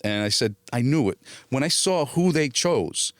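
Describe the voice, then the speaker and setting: A middle-aged man telling stories as an interview guest, at an average pitch for a man. He acts out the dialogue he quotes, with many restarts and a bit of casual swearing. The sound is close and dry, with no room echo. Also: expressive, normal speed.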